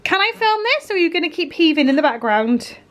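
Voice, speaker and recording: A woman's voice: extremely high pitch, very animated, quick pace, fairly bright tone. A woman, chatting casually through her day for a home vlog. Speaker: vlogger. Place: home kitchen, indoors. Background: household appliances humming.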